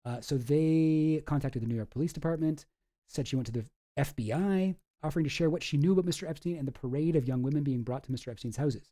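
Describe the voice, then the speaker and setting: A man's voice: fairly high pitch, fast talker, mellow. A man giving casual, rambling commentary with lots of fillers, reading documents aloud as he goes.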